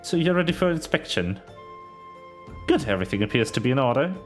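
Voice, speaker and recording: A man voicing a stern veteran sellsword captain, reading game dialogue aloud in a lowered, measured tone. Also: sing-song, soft background music, natural voice. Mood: grave. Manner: low, grave, measured.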